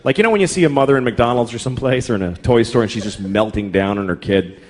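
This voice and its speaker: A man's voice: mid-range voice, fast. A middle-aged man doing a stand-up comedy routine on a large theater stage, ranting with exasperation and lots of swearing. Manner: animated, exasperated ranting with profanity. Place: large theater stage before a live audience.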